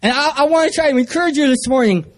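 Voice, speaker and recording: A man's voice: very high-pitched, expressive, fast. A young man from San Diego preaching a sermon, telling a personal story with self-mocking humor. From San Diego area, US.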